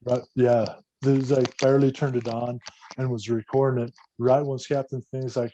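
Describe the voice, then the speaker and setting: A man, an army veteran guest on a podcast, telling war stories in a casual, profane, animated way. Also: mid-range voice, moderate pace, lo-fi sound. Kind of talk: casual storytelling.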